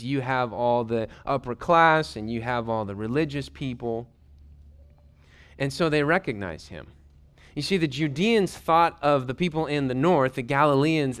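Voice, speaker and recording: A man delivers a sermon with a conversational, folksy touch. He swings from lively emphasis to hushed, whispered quotations, keeping his pitch in an ordinary middle range. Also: clean tone. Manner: animated preaching, voices quotes in hushed whispers. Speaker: pastor.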